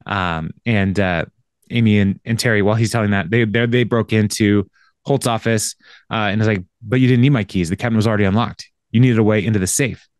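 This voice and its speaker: On the low side and fairly even in intonation, this man's brisk voice comes through clean studio sound with no echo. He co-hosts a podcast, chatting his way through an episode recap with lots of fillers and laughter.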